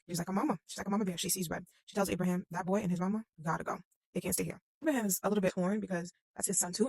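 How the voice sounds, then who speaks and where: Young adult host explaining scripture episodes, rapid-fire and conversational, slangy asides, dry close sound. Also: medium pitch, vocal fry, darkish tone, husky, dry recording. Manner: chatty, slangy retelling with quoted asides. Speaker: host of a Bible-story series. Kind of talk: casual Bible story explainer.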